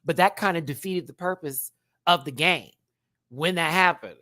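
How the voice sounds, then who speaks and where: A man reviewing a reality show on a livestream, chatty and animated, swinging between loud bursts and hushed asides. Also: a little high, moderate pace, no echo, studio quality. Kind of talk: casual livestream commentary.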